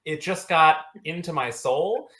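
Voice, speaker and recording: A man's voice: fairly high pitch, lively intonation, measured pace, pushed and bright. A man in a casual chat about music picks, dry and teasing. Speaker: co-host.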